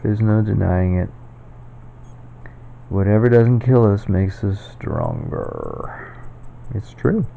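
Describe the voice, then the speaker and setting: A man's voice: fairly low pitch, big pitch swings, slow pace, gravelly, long pauses, a little hiss or hum. A man at home talking in a casual, rambling monologue for his own video, chuckling often. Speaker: video maker. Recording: dull lo-fi recording.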